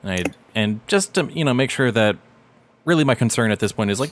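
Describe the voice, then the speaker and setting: A man playing a tabletop role-playing game, speaking in a wry, deliberate way. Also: medium pitch, expressive. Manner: wry, deliberate, thinking aloud. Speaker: player.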